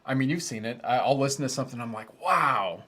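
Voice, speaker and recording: A man in his thirties hosts a relaxed live stream for his audio channel. He talks in a loose, rambling way and pokes fun at himself. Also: mid-range voice, very fast. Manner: rambling, self-deprecating and chatty. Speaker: host of an audio gear channel. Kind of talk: casual livestream chat.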